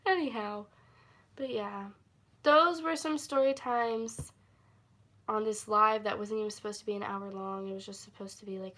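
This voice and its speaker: A woman's voice: medium pitch, a bit bright. A woman chatting through a casual story-time livestream, rambling and giggling, with lots of fillers. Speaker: livestream host.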